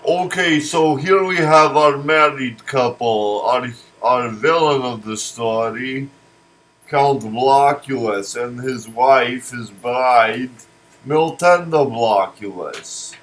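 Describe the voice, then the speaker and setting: A man pitching a cartoon series in casual comedic chat, rambling and restarting words. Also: slow pace, a bit bright, low-quality recording. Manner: rambling, restarts words, laughs at own jokes.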